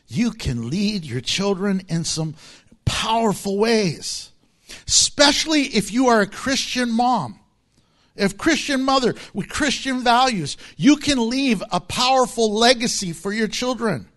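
Male pastor, middle-aged, lively sermon delivery, higher-pitched voice, acts out quotes. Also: slow pace. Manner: animated preaching with acted-out quotes and laughter.

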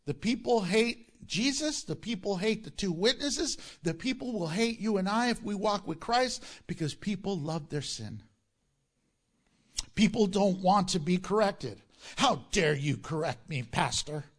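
A man's voice: high voice, expressive, a little slow. A man preaching a sermon as pastor, emphatic, asking rhetorical questions and acting out mocking quotes.

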